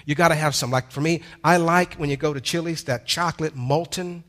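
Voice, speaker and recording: A male pastor preaching a sermon with call-and-response, drawn-out emphatic lines and casual conversational asides. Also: fairly high pitch, fairly even intonation, fairly bright tone.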